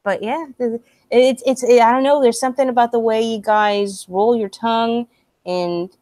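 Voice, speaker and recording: A woman co-hosting a casual gaming chat, talking freely with plenty of swearing and quick laughs. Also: a little high, steady tone, darkish tone, no echo. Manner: chatty, sweary, laughs easily. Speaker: podcast co-host.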